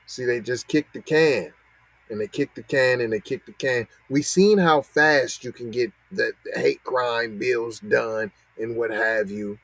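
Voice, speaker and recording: A man's voice: medium pitch, a little slow, creaky, a bit bright, breathy edge, dry recording, rough recording. A man, hosting a podcast and reacting to news clips with mocking, repetitive commentary. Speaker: podcast host.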